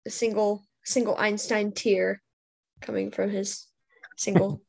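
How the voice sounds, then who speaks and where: A woman's voice: mid-range voice, flat delivery, measured pace, creaky, darkish tone. A woman presenting her comic over a video call, nervous and apologetic as she explains it. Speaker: workshop participant.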